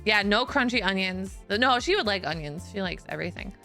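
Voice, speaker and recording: A young woman streamer casually telling a story to her chat, giggly and animated, swearing freely. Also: medium pitch, a little fast, creaky, soft background music.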